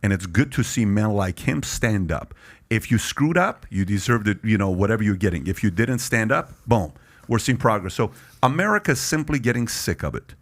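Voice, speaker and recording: A man's voice: on the low side, animated, moderate pace. A man hosting a podcast panel discussion, talking emphatically and cutting in with repeated objections. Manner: emphatic, interrupts with repeated "but". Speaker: podcast host.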